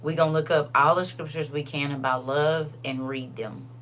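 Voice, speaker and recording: A woman hosting a casual livestream, chatting directly with viewers and reading scripture verses slowly and deliberately. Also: low-pitched, steady tone, fairly bright tone, a little hiss or hum. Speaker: livestream host.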